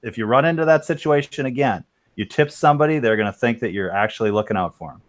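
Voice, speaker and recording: A man's voice: medium pitch, lively intonation, fast. Wry, teasing man in casual chat. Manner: wry, teasing, laughs along. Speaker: podcast co-host.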